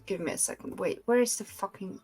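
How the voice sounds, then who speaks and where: A woman's voice: medium pitch, brisk, vocal fry, darkish tone, husky, soft background music. Casual woman running a tabletop game. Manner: casual, swears when flustered. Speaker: dungeon master.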